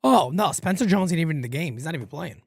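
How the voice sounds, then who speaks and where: Animated man doing fan play-by-play. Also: on the high side, quick pace, creaky, slightly rough, dry recording, studio quality. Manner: animated, rambling, swears casually. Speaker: livestream host. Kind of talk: live fan play-by-play commentary.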